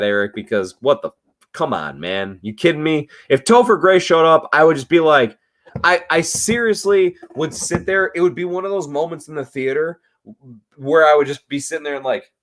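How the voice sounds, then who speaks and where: A man hosting a casual after-show livestream, slightly tipsy, swearing freely and answering chat comments with sudden excited jumps. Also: normal speed. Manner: loose, swearing, swings between low mutters and excited outbursts. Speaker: livestream host reading chat.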